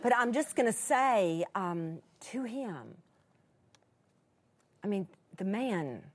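A woman preaching to a live audience, telling a personal story in a folksy, chatty way, with emotional swings from excited to hushed. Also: mid-range voice, slow, some chatter behind. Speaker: Christian speaker.

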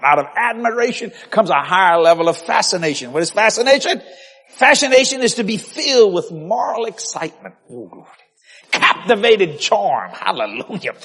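A male preacher delivering a lively sermon, shouting and laughing, stretching out key words. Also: sits high, slightly rough. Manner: animated, shouting, laughing, drawn-out emphasis.

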